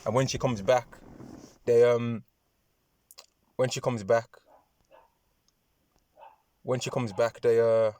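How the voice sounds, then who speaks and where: A man preaching and reading scripture aloud, talking in repetitive, halting phrases with many restarts, often tagging lines with "man" and "right". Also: medium pitch, steady tone, a little mellow, slight background noise. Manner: addresses listeners with "man" and "right". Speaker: religious speaker.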